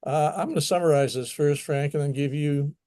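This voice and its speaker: An American man from Kentucky hosting a casual talk show, hesitant and filling pauses with "uh" and "um". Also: fairly high pitch, mellow, dry recording, clean studio sound. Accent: American English. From United States. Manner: hesitant, lots of uh and um fillers. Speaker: host. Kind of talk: casual chat.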